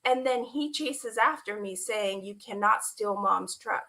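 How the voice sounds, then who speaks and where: A woman telling an emotional personal story as a guest, animated and quoting the people in it, laughing at times and close to tears. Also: mid-range voice, a little slow. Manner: animated retelling with quoted dialogue, laughing and near tears. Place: online stream.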